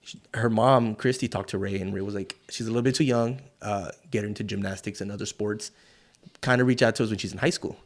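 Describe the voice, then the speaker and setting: This middle-aged South Texas wrestler, appearing as a guest on an interview show, talks fast in a lowish voice. His storytelling is casual and profane, and he animatedly performs the voices of the people he quotes.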